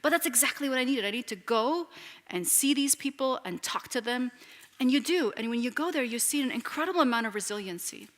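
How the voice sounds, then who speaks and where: Bright, animated woman in a hall. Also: high voice, brisk. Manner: animated, many restarts and "you know". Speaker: author and guest speaker. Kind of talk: answering questions at a public talk. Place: lecture hall with an audience. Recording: long hall reverb.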